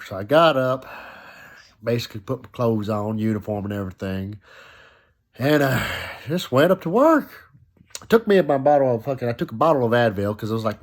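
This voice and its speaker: Young man, casual profane vlog, lingering cough, rambling, mid pitch. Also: animated, a little fast. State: still coughing after illness. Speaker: vlogger. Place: at home on his sofa.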